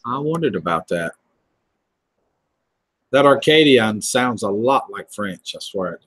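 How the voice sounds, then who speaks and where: A man's voice: on the low side, expressive, takes it slowly, fairly bright tone, no room sound, poor audio. A man with a Southern US accent chatting casually on a livestream, rambling and laughing easily. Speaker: livestream host.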